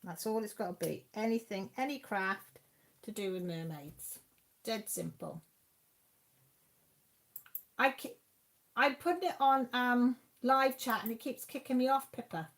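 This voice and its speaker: A woman's voice: a little high, a little slow, long pauses, a bit bright. Woman, craft live-stream host, chatty, exclaiming, talking to her chat, at home.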